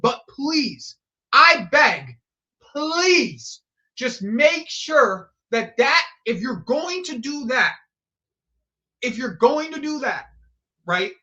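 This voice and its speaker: Guy on a football watch stream, cussing and rambling, repeats stuff, bright sharp voice. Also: very high-pitched, big pitch swings, takes it slowly. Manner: rambling and profane, repeats phrases, blurts reactions to play. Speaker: live stream host. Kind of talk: casual football watch-along chat.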